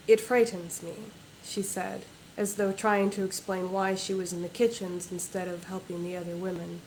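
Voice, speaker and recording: Woman, author, reading her novel aloud, no character voices, medium pitch, faint background hiss. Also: rough recording. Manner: plain reading without character voices or accents. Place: livestreamed book launch.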